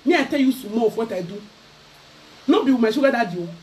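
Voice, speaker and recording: A Nigerian woman vlogger ranting loudly to camera in a mocking, scolding way. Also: on the high side, lively intonation, quick pace. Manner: loud, mocking, switching into Pidgin. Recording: voice a bit far from the mic.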